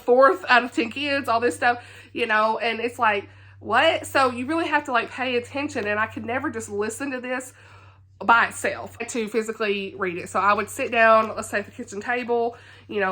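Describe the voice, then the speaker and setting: A woman with a Southern US accent, chatting casually as a book vlogger, animated and often laughing. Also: on the high side. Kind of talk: casual chat.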